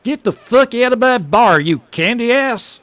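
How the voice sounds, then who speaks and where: Brief: man putting on an angry backwoods bartender, shrill and yelling, mean and mocking. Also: animated, unhurried, dry recording, exaggerated voice. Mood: furious. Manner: shouting, high and strained. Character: angry rural male bartender, hot-tempered and mocking.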